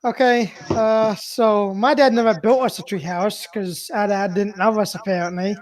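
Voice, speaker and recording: A man in his twenties, co-hosting a casual podcast, telling a story in a laid-back, dry way that trails off quietly. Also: high-pitched, steady tone, normal speed. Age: 20s. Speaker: podcast co-host. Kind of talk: casual chat.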